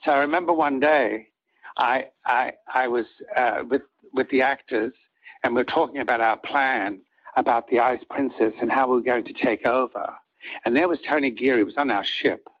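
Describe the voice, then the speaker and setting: An older man with a husky voice, a soap opera actor telling rambling anecdotes in an interview and acting out what others said. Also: mid-range voice, normal speed, muffled recording. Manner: rambling, acts out quoted lines of others.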